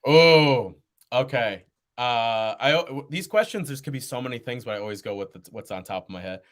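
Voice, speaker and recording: A young man, a podcast guest, telling stories in casual chat, animated and laughing often as he acts out quoted voices. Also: mid-range voice, normal speed.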